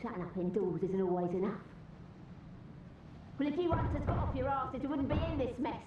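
A woman's voice: a little high, expressive, fairly quick, highs cut off, close to an everyday voice. Actress as a bitter, scolding old woman. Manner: scolding, resentful. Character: bitter elderly woman shut in indoors. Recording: game audio, echoey with noise.

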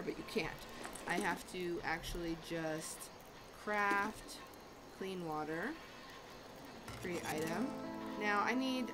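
Chatty woman gamer over loud music. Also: fairly low pitch, low-quality recording. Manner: chatty, talks to her in-game dog, frantic repeated cries when in trouble. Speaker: gaming channel host. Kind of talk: let's play commentary. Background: loud game music.

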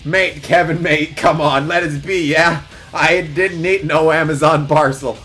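A whiny talking mailbox, pitched a little high, wheedling and begging to be spared, as a man reading a silly story puts him on. He pleads in a rising, nervous tone over faint music. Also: animated, slow pace, fairly bright tone, exaggerated voice. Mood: pleading.

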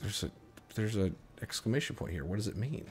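A man's voice: fairly low pitch, lively intonation, fairly quick, darkish tone, slight background noise. A man streaming a video game, chatting casually with a co-host and joking as he reads game text aloud. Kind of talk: casual gaming chat.

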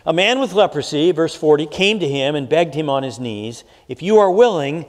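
A man's voice: on the high side, animated. Man preaching in a reverberant hall. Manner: measured preaching with frequent "uh" fillers, reading scripture aloud. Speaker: pastor. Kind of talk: sermon.

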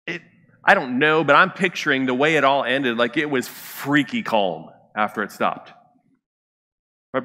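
Frequently turning to his congregation with a short question, a male pastor preaches in a relaxed, conversational style. His forceful, bright voice sits at medium pitch and carries through a church sanctuary with a long reverb.

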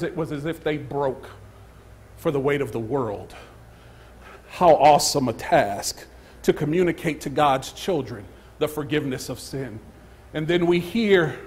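A man preaching a sermon as pastor, swinging from hushed, near-whispered phrases to loud, emphatic calls. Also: fairly high pitch, slightly rough. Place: church sanctuary.

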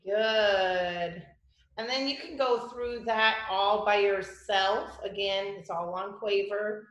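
A woman music teacher giving a children's lesson, with slow, clear, patient instructions. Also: mid-range voice, steady tone, a bit bright, echoey room.

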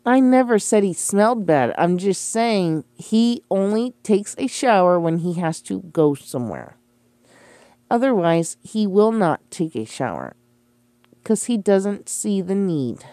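A young streamer rants casually about accusations made against her, profane, defensive and sarcastic, with scoffing laughs. Her mid-range voice is expressive, mellow and unhurried, and the recording is dry.

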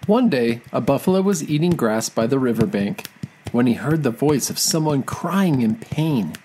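A storyteller reading a children's folk tale aloud in a slow, expressive way. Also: mid-range voice, slight background noise, poor audio.

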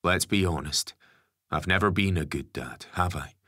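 A gruff, stubborn father speaks calmly and plainly, voiced by a male narrator. His voice sits very deep with a husky edge. The reading is close and dry. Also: moderate pace, dry recording, exaggerated voice. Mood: resigned. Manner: calm, plain-spoken.

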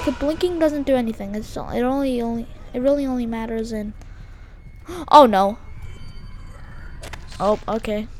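A young woman commenting casually as she plays horror games at a computer, jumpy and quick to shriek and scream at scares. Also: fairly high pitch, a little mellow, slight background noise. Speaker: gaming video host.

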